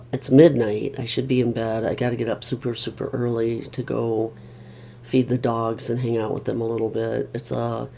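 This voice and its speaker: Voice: mid-range voice, gravelly, dark tone. A middle-aged family caregiver rambling wearily in a casual vlog, with many restarts.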